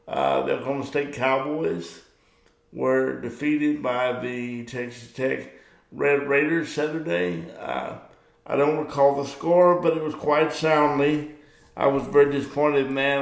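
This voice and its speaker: A middle-aged man hosts his own casual monologue, rambling from one thing to the next and getting heated about sports. His voice has a gravelly edge and sits a little high for a man. The sound carries a noticeable room echo. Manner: chatty, rambling, gets worked up about sports. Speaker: vlog host.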